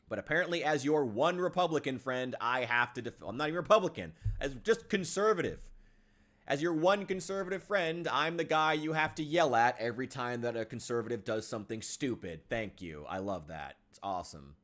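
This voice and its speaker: A man's voice: medium pitch, animated, moderate pace, a bit bright. A man from Illinois chatting casually while streaming a game, ranting in frustration, swearing and sighing often. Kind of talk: casual live-stream chat while gaming.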